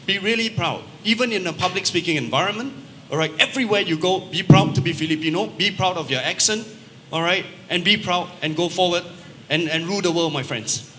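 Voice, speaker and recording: A man's voice: high-pitched, brisk, bright, forceful tone. A man with a Singaporean accent answering questions on a panel in an emphatic, rallying way. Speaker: panel speaker. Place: large event hall. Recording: long reverb in a hall, faint noise.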